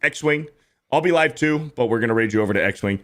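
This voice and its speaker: A man's voice: medium pitch, brisk, a bit bright. A young man hosting a casual podcast, reading out viewer donations in a laid-back way. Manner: laid-back, reads out donor messages. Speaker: podcast host.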